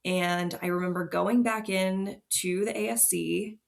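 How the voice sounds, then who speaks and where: A fertility nurse appearing as a podcast guest tells her own story in a candid interview, speaking openly and emotionally and laughing along the way. Her lowish, gravelly voice holds a steady tone and moves a little slowly.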